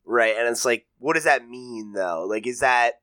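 A man co-hosting a casual gaming podcast, jokey and quick to swear and laugh. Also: medium pitch, sharp tone, smooth, no room sound. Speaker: podcast co-host leading the news segment.

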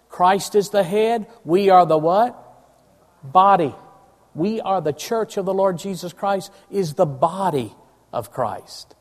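A man preaching a sermon, emphatic and asking his congregation questions. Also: high-pitched. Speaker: pastor. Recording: long church reverb.

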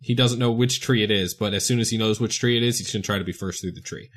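A man playing a tabletop game in casual chat, eager and quick to add detail about his character. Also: lowish voice, steady tone. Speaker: player.

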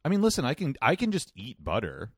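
A man co-hosting a podcast, talking in casual chat with wry, deadpan rants and plenty of swearing. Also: mid-range voice, fast, no room sound, clean studio sound. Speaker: podcast co-host.

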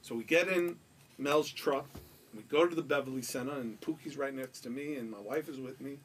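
A man from Queens with a New York accent, telling a story on a podcast in an animated, profane way and acting out the quotes. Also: medium pitch, brisk, recorded from a distance, a little hiss or hum. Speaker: podcast guest. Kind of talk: casual storytelling.

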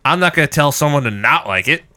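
A man's voice: a little high, expressive, quick pace, pushed and bright. A man co-hosting a podcast in casual banter, blunt, profane and rowdy. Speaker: podcast co-host.

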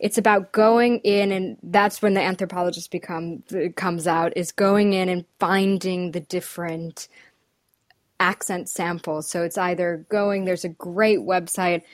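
This dialect coach has a lowish, steady voice and speaks unhurriedly in a dry, clean studio recording. Chatting casually with an interviewer, she laughs between phrases while working through her thoughts aloud.

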